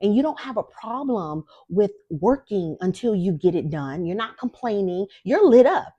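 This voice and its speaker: A woman's voice: mid-range voice, lively intonation, normal speed, warm tone, no room sound, dull audio. A young woman hosting a spiritual talk, speaking casually to viewers with blunt, profane emphasis. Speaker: spiritual guide and host. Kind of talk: casual direct-to-camera talk.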